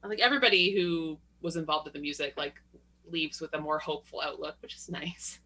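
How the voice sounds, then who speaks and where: A young adult woman co-hosting a podcast, chatting casually and telling lively, profane stories with quoted voices and frequent laughs. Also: sits low, fairly quick, slight background noise. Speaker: podcast co-host. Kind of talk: casual chat.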